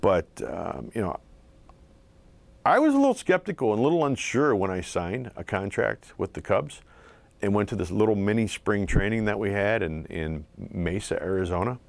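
Deep-voiced man telling his story. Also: creaky, darkish tone. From southeastern Pennsylvania, USA. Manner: halting, many fillers and restarts, reflective. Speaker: former pro pitcher, guest. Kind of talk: casual interview storytelling.

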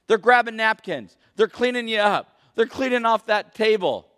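A man preaching a sermon as pastor, questioning the congregation and swinging between loud emphasis and hushed intensity. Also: high-pitched, animated, normal speed. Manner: questions the congregation and calls for answers. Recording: long reverb of a large hall.

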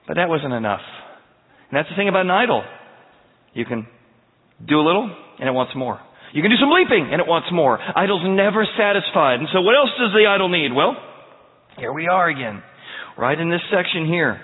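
A man preaching a verse-by-verse sermon in an animated, emphatic storytelling style, heard with a tinny sound in a large hall. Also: on the high side, fairly quick. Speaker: pastor.

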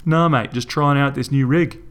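A man's voice: mid-range voice, normal speed, a bit bright, pitched above the performer's own voice, natural voice. A man voicing a tipsy, easygoing teenage male rider who rambles casually.

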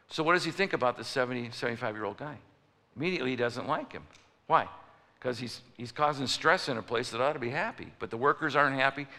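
Bright-voiced preacher in a big hall. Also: male voice, mid-range voice, quick pace. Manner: storytelling preacher, acts out voices. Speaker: pastor. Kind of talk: sermon. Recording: long reverb of a large hall.

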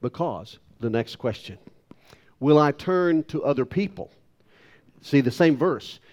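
A man's voice: fairly high pitch, lively intonation, unhurried, a little mellow, dull audio. A male pastor giving a sermon, talking emphatically and putting rhetorical questions to the congregation.

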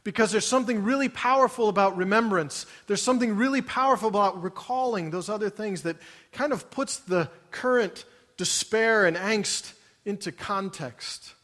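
A man's voice: sits high, normal speed, a bit bright. A man preaching a sermon to his congregation. He asks many emphatic rhetorical questions. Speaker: pastor. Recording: long reverb of a large hall.

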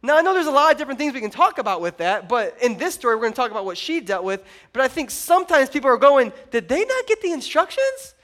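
A man preaching a sermon to his congregation, joking and animated, often rising to loud emphasis. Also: very high-pitched, rapid-fire, few pauses. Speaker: pastor.

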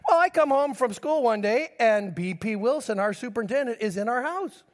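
A man's voice: extremely high pitch, animated, moderate pace. A middle-aged man preaching a sermon as pastor, telling personal stories and speaking straight to the congregation. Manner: storytelling preacher addressing the congregation directly. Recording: long hall reverb.

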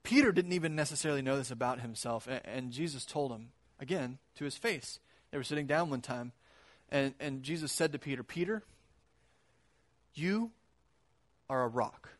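A man giving a casual, conversational sermon, animated and acting out quotes in his retelling. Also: medium pitch, a little fast.

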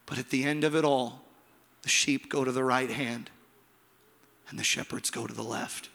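A man preaching a sermon to his congregation, with dramatic pauses, soft low drops and rising, emphatic calls. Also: fairly even intonation, creaky. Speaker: pastor. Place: large church hall. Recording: long hall reverb with piano behind. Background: soft piano.

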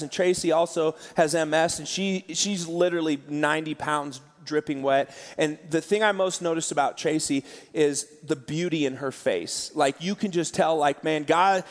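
A man preaching a sermon as pastor, telling stories in an animated way and laughing often. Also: fairly high pitch, moderate pace, few pauses. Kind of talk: sermon storytelling. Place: church auditorium. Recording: large hall with live audience.

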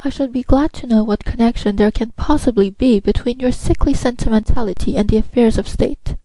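A woman voicing a haughty, sharp-tempered older aristocratic mother who speaks imperiously, in a storybook reading. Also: a little high, fairly quick, no room sound, poor audio. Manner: imperious, scolding.

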